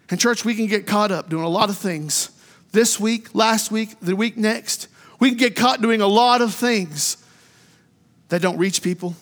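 A man preaching a sermon in a church, fervent, rising to shouts and then dropping low. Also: a little slow, big-room sound. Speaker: pastor. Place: church sanctuary.

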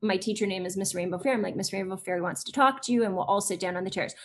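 A woman in her forties, an educator, talks casually and chattily as an interview show guest, sprinkling in fillers and changing her voice to quote children. Her voice is mid-range and very fast.

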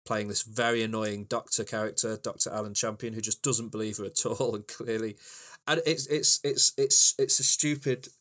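A man's voice: lowish voice, fairly even intonation, moderate pace, a bit bright. Rambling man in casual film chat. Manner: rambling, many ums and restarts. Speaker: podcast co-host.

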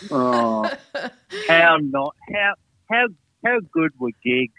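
A man's voice: a little high, big pitch swings, slow, sharp tone, rough recording. A man talking as a guest in a casual chat, enthusiastic and swearing casually.

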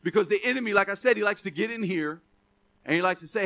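A man's voice: high-pitched, fast talker, fairly bright tone. A male preacher giving a casual, conversational sermon, often asking the congregation questions.

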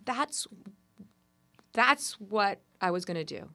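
A woman guest in an interview, telling personal stories in an animated, expressive way. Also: mid-range voice, slow. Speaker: entrepreneur guest.

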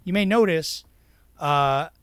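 A man's voice: fairly high pitch, slow, clear, resonant tone, no echo. A man hosting a casual movie-review podcast, loose and joking, with frequent swearing. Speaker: podcast host.

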